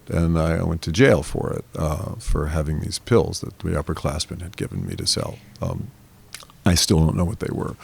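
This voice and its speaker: An older man in his seventies, a guest in an interview, telling a long story in a rambling, animated way and acting out the voices of people in it. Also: low-pitched, gravelly. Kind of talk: storytelling in a conversation.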